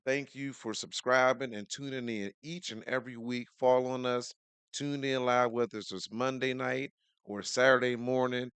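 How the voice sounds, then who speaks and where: A man hosting a podcast, hoarse today, energetically greeting viewers and shouting them out in casual chat. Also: mid-range voice, steady tone, normal speed, no echo. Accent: American English. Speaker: podcast host.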